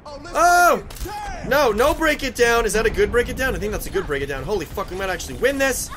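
This gaming YouTuber's voice sits high and is expressive, moving a little fast. He swears and yells at teammates throughout frantic live commentary on a team shooter game.

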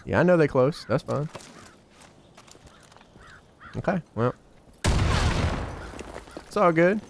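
Excitable slangy gaming host, lively voice. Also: male voice, a little high, slow pace, gravelly, noisy background. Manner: slangy, excitable, banters with game characters. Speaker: let's play host. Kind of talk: casual gameplay commentary.

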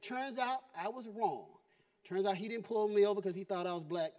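Guy doing standup, real high voice, animated, laughs at his own bits, handheld mic on stage. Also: brisk. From Southern US. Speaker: stand-up comedian. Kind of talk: stand-up comedy set. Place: comedy stage before a live audience.

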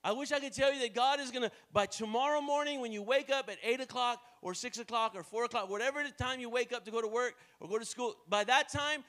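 An American man preaching a sermon as pastor, moving between quiet, low passages and loud, rising calls to the congregation, with playful joking asides.

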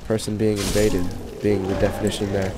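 Low-voiced man grumbling through a game. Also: monotone, fairly quick, music in the background. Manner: exasperated, trash-talks enemies, keeps voice down. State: sick. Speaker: let's play commentator. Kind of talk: gameplay commentary.

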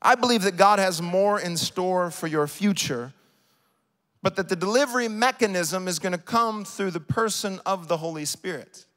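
A man preaching a sermon live in a church, rising to shouts and falling to soft, quiet stretches. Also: high-pitched, normal speed. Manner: impassioned preaching, builds to shouts then drops soft. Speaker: pastor. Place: large church sanctuary. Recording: live church hall reverb.

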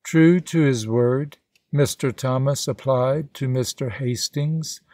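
A man narrating an audiobook in a measured, plain reading style. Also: mid-range voice, a little mellow, no room sound.

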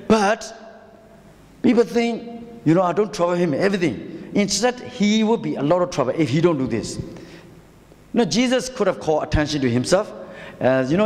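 A man with a Burmese accent, a pastor preaching an impassioned sermon full of rhetorical questions and calls to the congregation. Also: sits high. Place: church hall. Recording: reverberant church hall.

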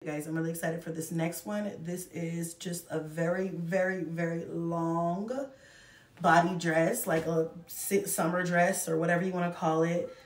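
A woman's voice: lowish voice, little pitch movement, unhurried. A woman in her thirties, a mother chatting effusively to camera as she shows off a shopping haul and calls her viewers y'all. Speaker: vlogger reviewing a shopping haul. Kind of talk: casual chat to camera. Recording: echoey room, mic at a distance.

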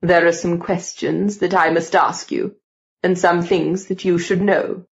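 A woman voicing an old aristocratic male count who talks in a slow, grand and theatrical way. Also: lowish voice, flat delivery, vocal fry, dull audio. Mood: grandly scheming.

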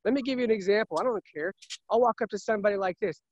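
Earnest car salesman, high voice. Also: very fast, a little mellow, lo-fi sound. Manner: earnest, repetitive, emphatic. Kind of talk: casual interview talk.

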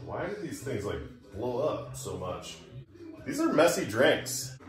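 A man's voice: medium pitch, very animated, unhurried. A man vlogging casually to camera, chatty and self-mocking as he talks to himself. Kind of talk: casual drinking vlog. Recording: echoey room with music behind. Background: Irish music playing.

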